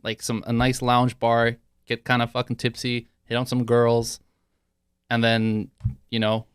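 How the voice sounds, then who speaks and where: Smooth-voiced man swearing freely. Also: medium pitch, monotone, a little slow, no echo, studio quality. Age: 30s. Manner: laid-back, swears freely, gets fired up. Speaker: podcast co-host. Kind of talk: casual podcast banter.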